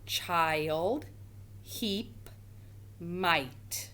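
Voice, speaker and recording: A woman teaching a first grade phonics lesson, slowly sounding out words for young children. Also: lowish voice, lively intonation, a bit bright, a little hiss or hum.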